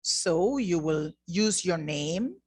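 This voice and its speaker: A woman's voice: fairly low pitch, expressive, slow pace, a little mellow, breathy edge, dry recording. A woman teaching an online Spanish lesson, speaking patiently and repeating words to model their pronunciation. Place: class produced in the Bahamas.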